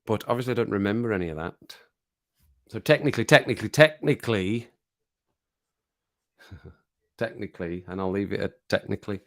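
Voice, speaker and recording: A man's voice: on the low side, brisk, vocal fry, pauses often. Brummie bloke rambling on his stream, cracking jokes and chuckling, middle-aged. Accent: Birmingham. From England. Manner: jokey, rambling, chuckles often. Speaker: livestream host. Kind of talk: casual chat to live chat.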